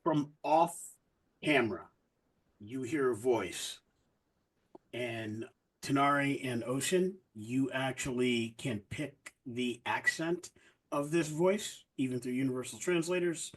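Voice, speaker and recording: Relaxed male game master. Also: mid-range voice, takes it slowly, husky, rough recording. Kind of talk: narrating a tabletop game.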